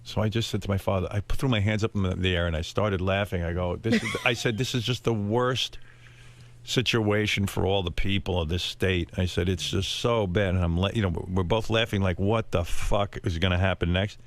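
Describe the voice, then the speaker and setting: A man hosting a radio talk show, telling a story in a lively, profane way and acting out his family's voices. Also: sits low, normal speed. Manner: animated, profane, acts out family members' voices.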